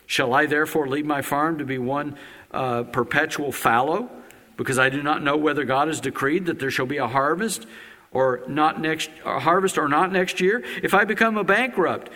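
A pastor preaching a sermon, a man whose fairly high voice has a bright, forceful edge. He moves between loud exclamations and low, quiet asides. A long reverb from a large church sanctuary trails behind each phrase. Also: moderate pace.

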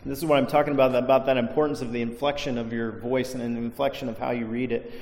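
A man's voice: mid-range voice, a little mellow. A male pastor preaching a sermon to a congregation, stressing key words with emphasis. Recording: echoey hall reverb.

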